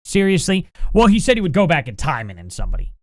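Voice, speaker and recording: A man with a fairly high voice rants through a live stream, sarcastic and combative, and openly angry. His sound is dry and close, with no room in it. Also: huge pitch swings, fast, no room sound. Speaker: live-stream host reacting to chat. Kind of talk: heated live-stream commentary.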